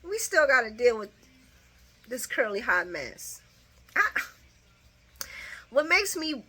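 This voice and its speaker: Animated recap host, a woman, opinionated and chatty, bright voice that laughs often. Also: medium pitch. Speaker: soap opera recap vlogger. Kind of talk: casual spoken recap.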